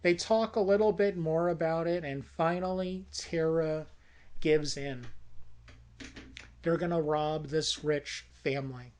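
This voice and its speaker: A storyteller casually pitching a horror movie, narrating in a folksy, conversational way. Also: steady tone, takes it slowly, a little mellow.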